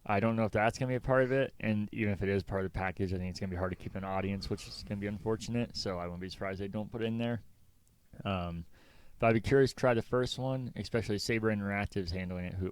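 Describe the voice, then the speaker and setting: A man with a lowish, smooth, clean voice talking games in a relaxed podcast. He rambles through his opinions easily, recorded close and dry. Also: quick pace, no room sound. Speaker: podcast co-host. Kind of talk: casual gaming podcast chat.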